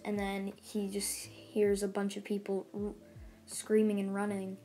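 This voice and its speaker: A woman's voice: medium pitch, dark tone. A woman casually retelling a fan story, rambling along with lots of fillers and restarts.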